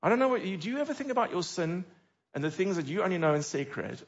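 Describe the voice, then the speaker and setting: A man's voice: high-pitched, fast, highs cut off. Middle-aged male pastor preaching animatedly. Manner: animated, with dramatic rhetorical questions. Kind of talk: sermon.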